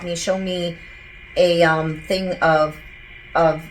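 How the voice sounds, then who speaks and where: A woman's voice: sits low, little pitch movement, slow pace, a little hiss or hum, poor audio. A woman working as a psychic medium, talking casually and rambling as she relays what a spirit tells her. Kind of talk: casual channeling session.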